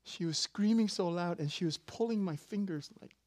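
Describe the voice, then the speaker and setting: A man preaching a sermon, telling a personal story casually with sudden loud, emphatic bursts. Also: sits high, moderate pace, dry recording. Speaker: pastor.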